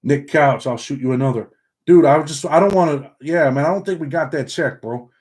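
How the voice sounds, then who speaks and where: A man's voice: fairly high pitch, fairly quick, darkish tone. Laid-back man with a Southern country twang. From upstate New York. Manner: ends sentences with "man". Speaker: livestream host reading chat. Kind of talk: casual livestream chat.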